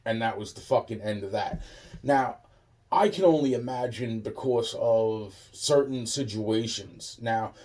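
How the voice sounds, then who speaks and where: A man's voice: medium pitch, measured pace, darkish tone, distant mic. A man in a rambling, profane monologue, restarting his sentences again and again.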